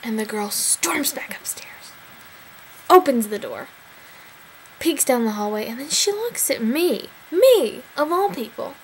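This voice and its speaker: Young woman, twenties, casual storytelling, animated, swooping pitch, slightly high voice. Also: unhurried, a little hiss or hum, low-quality recording. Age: 20s. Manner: animated, big pitch swings, chatty.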